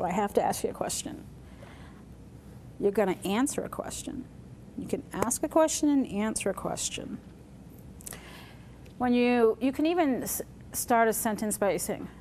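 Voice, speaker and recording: A woman's voice: medium pitch, darkish tone, slight background noise. Woman teaching a sign language class. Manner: demonstrative, talks through signs with pauses and fillers.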